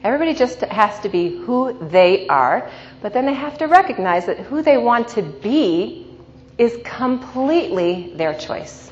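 A woman's voice: on the high side, unhurried. Storytelling woman lecturing in a hall. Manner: lively anecdotal, often asks "right?". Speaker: coach and teacher. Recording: dull recording in a reverberant hall, faint noise.

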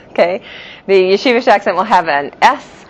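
A woman's voice: mid-range voice, animated, moderate pace, slightly rough. A woman teaching a Jewish philosophy class, explaining terms patiently and giving each in two pronunciations. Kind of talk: classroom lecture. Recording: dull lo-fi classroom recording.

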